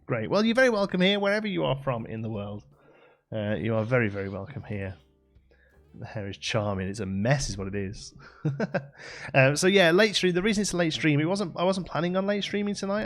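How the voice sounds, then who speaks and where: A man hosting a live late-night game stream, chatting casually with viewers, rambling with lots of fillers and laughing often. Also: lowish voice. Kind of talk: casual chat to a live audience. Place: home streaming setup with a green screen.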